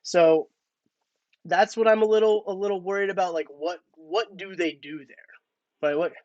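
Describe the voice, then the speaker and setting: A man's voice: high-pitched, fairly even intonation, normal speed, darkish tone, no room sound, highs cut off. A man hosting a casual live-stream sports talk, chatty and thinking aloud with restarts. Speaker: podcast host.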